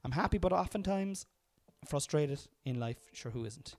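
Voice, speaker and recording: A man's voice: a little high, lively intonation, moderate pace, few pauses. A man in his thirties with an Irish accent, hosting a casual podcast, self-mocking and restarting his lines often. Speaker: podcast host. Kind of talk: casual chat, joking. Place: kitchen, then parked car.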